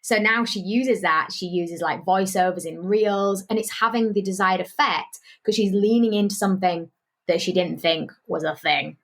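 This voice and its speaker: A British woman guest tells stories on a podcast in relaxed, casual chat. Her delivery is animated and conversational. Her voice sits in a middle pitch. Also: moderate pace. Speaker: podcast guest, business owner.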